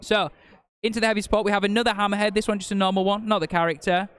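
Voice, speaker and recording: A man's voice: high voice, level tone, very fast, a bit bright. A man co-commentating a live tabletop wargame stream, joking as he reels off army lists. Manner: jokey, reels off unit lists.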